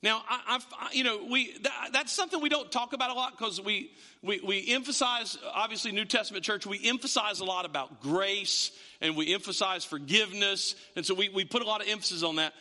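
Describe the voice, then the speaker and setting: A male pastor delivering a sermon in a church sanctuary, his voice high, bright and sharp. His pitch swoops animatedly as he restarts and rephrases, and his voice carries a long hall reverb. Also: fairly quick. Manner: animated, self-interrupting storyteller. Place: church sanctuary, also streamed online.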